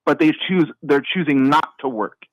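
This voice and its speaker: A male caller on the verge of tears, his slightly high voice breaking into halting, stammered phrases. The sound is dry and close, with no room echo. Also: muffled recording. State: holding back tears. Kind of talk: phone-in conversation.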